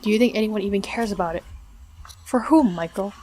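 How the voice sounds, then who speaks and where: A woman's voice: mid-range voice, a little fast, warm tone, close to an everyday voice. A woman reading the lines of a grieving young female ghost from a video game in her own plain voice, with game music behind. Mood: sorrowful. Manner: reads game dialogue aloud, plainly.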